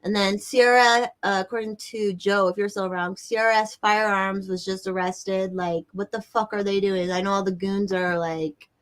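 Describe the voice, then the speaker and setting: A woman's voice: mid-range voice, normal speed, few pauses. A woman hosting a casual livestream, chatting with viewers and ranting with a lot of profanity, indoors by a window. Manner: excitable and profane, ranting with nervous laughs. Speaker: livestream host. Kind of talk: casual livestream chat reading viewers' comments. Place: indoors near a bright window.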